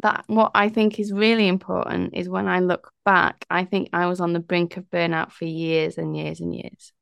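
A woman's voice: lowish voice, level tone, normal speed, gravelly, a bit bright, smooth, no room sound. A middle-aged woman from the north of England with a Northern English accent, telling her story enthusiastically as a podcast guest. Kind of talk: conversational interview.

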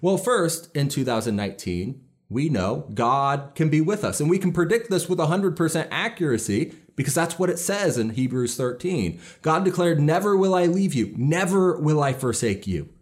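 A man's voice: a little high, very animated, moderate pace. A pastor preaching a sermon in an earnest, emphatic way, stressing key lines as he builds his points.

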